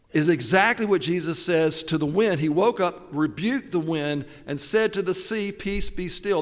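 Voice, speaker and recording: A man preaching in a lively, conversational way, telling the story with chatty asides. His voice sits a little on the high side and carries a long echo from a large hall. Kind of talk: sermon.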